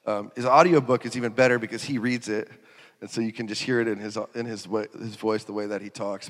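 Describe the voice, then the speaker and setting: A man preaching a sermon. He talks in an animated way, laughs, and acts out quotes in sudden loud, high bursts. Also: fast. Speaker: pastor. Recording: reverberant hall.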